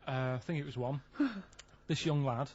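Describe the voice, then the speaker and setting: A man's voice: medium pitch, moderate pace, slightly rough, muffled recording. A man on a radio show, telling a rambling story in plain casual chat. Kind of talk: casual studio banter.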